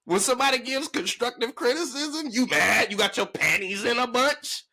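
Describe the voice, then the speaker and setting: A man ranting to camera in a sports vlog, emphatic and slangy, his pitch jumping up when he gets worked up. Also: lively intonation, normal speed, creaky, pushed and bright. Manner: emphatic, slangy, calling the listener "bruh" and "big dog". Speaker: sports vlogger.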